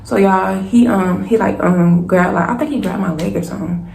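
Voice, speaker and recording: A young woman, telling a personal story to her viewers in a lively, casual way and calling them y'all. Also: mid-range voice, normal speed, creaky. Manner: animated, keeps addressing viewers as y'all. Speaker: storytime vlogger. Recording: echoey room with faint hiss.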